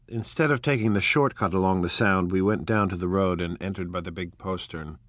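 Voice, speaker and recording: A man narrating a classic novel aloud in a measured, lyrical storytelling manner. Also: sits low, fairly bright tone, dry recording. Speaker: audiobook narrator.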